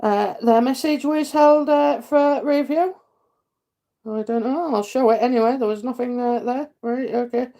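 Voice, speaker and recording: A middle-aged woman with a Yorkshire accent, hosting a live psychic stream and chatting warmly with viewers between comments, full of fillers and endearments. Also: fairly high pitch, unhurried. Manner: chatty, many fillers, laughs, calls people darling and lovely. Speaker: psychic reading host.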